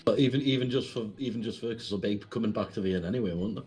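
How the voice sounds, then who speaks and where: A man's voice: fairly low pitch, racing, darkish tone, husky, faint music behind. A man playing in a tabletop game, cracking crude jokes and swearing. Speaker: player. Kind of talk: casual chat at a tabletop game.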